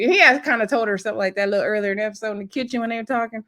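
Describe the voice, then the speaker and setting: Woman vlogger, chatty and animated, pitched a bit high. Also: rapid-fire, hardly any pauses. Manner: animated storyteller, acts out quotes, laughs often. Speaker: reality TV recap vlogger. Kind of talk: casual episode recap.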